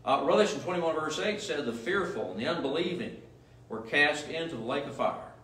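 A man's slightly high, fairly bright voice, with lively intonation and a somewhat fast pace, delivers an emphatic, repetitive sermon full of rhetorical questions. He's a pastor heard in church, recorded from a distance in an echoey room.

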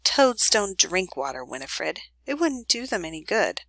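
A woman's voice: medium pitch, very animated, unhurried, fairly bright tone, no echo. A woman voicing a stern, fussy old grandmother in a storybook reading, sounding prim and disapproving.

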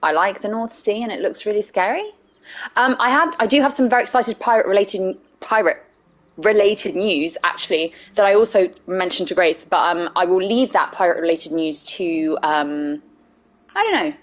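A woman's voice: medium pitch, moderate pace. A young woman chatting casually on a game live stream, playful, laughing often and swearing freely. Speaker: streamer playing a video game.

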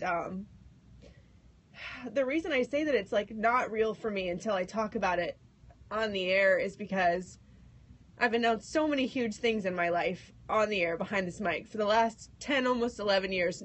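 A woman radio co-host sharing big personal news on air, nervous and tearful, laughing through her words. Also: medium pitch. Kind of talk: emotional on-air announcement.

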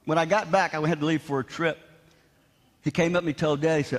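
A man preaching a revival sermon, shouting with animated, self-mocking humor in a large church. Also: a little high, quick pace. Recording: long hall reverb in church.

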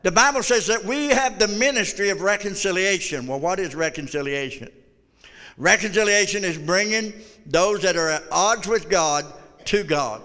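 Pastor, male, blunt folksy preacher, sharp tense tone, reverberant sanctuary. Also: sits high, normal speed. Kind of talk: sermon. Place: church sanctuary.

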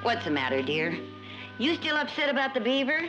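A woman's voice: fairly high pitch, big pitch swings, fairly quick. An actress playing a caring suburban wife and mother, speaking in a soothing, reassuring way in a 1950s sitcom. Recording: dull 1950s TV soundtrack with music.

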